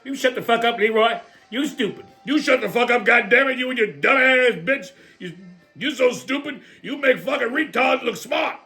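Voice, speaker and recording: A man's voice: very high voice, fast talker, vocal fry, soft background music, full character voice. A man voicing a cranky, foul-mouthed old man who hurls insults. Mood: angry. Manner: loud, insulting, profane.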